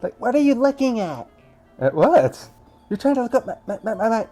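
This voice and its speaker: A man voicing a short-tempered, bratty teenage girl in a visual novel, with shrill, squeaky outbursts. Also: very animated, brisk, mellow, soft background music. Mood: flustered angry.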